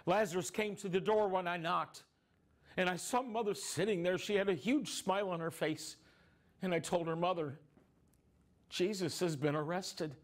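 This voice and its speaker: A man performs an anguished younger brother recounting his brother's suffering as a first-person dramatic monologue. The voice sits high for a man. It stays earnest and emotional, swelling into grief-stricken cries. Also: fairly even intonation, normal speed, natural voice. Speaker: dramatic storyteller.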